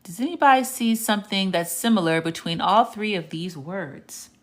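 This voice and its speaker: A woman teaching Spanish on a live stream, patient and clear, slowing down to repeat example words and stopping to answer viewer comments. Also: medium pitch. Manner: reads viewer comments aloud and answers them. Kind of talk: live-stream language lesson.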